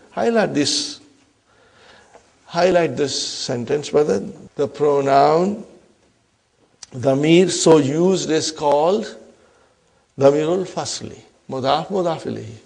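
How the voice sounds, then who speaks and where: A man's voice: on the high side, measured pace, creaky, long pauses, darkish tone. A man teaching an Arabic grammar lesson, explaining step by step, repeating key terms and often asking the class if they follow. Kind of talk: classroom lecture.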